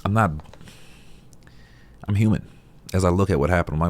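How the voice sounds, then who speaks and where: A man's voice: sits low, moderate pace. A man talking casually and reflectively to camera in a laid-back, profane, conversational way. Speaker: vlogger.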